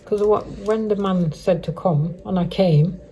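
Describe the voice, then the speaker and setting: Speaking in a warm, mid-range voice without hurrying, a middle-aged woman gives her viewers a casual vlog update from her life sleeping rough on the streets. She wanders, says things twice and keeps starting over.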